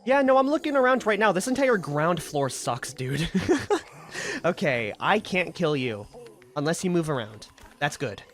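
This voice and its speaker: A man giving casual, excitable commentary as he plays a video game. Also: on the high side, moderate pace. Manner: chatty, excitable reactions. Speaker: gaming video creator.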